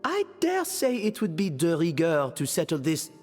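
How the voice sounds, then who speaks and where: A showy French hotel dandy. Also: male voice, on the high side, huge pitch swings, moderate pace, darkish tone. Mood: amused. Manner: grand and theatrical, drops fancy French phrases. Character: flamboyant man in a luxury hotel, showy and theatrical. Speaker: game character. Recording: game audio with light reverb and faint music.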